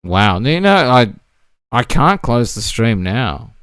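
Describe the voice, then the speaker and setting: A man's voice: mid-range voice, sing-song, takes it slowly, fairly bright tone, smooth, no room sound. A man streaming and chatting casually with friends, teasing and joking. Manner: teasing, jokey. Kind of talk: casual gaming stream chat.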